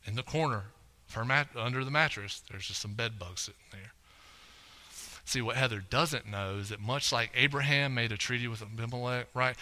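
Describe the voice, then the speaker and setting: Bright-voiced man telling a sermon story. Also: mid-range voice, moderate pace. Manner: conversational storytelling, often tags lines with "right?". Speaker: preacher at a church. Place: church auditorium stage.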